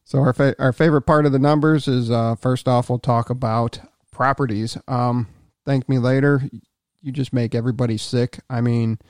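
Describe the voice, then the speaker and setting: A man's voice: medium pitch, fairly even intonation, moderate pace, a little mellow, no echo, studio quality. A man hosting a casual podcast chat, rambling a little with restarts and fillers. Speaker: podcast host.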